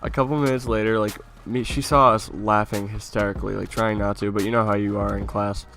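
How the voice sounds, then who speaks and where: A man's voice: fairly low pitch, fairly quick, gravelly. Young guy telling a story with a laugh. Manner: laughing through an animated anecdote, casual swearing. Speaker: YouTuber. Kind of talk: casual storytime vlog.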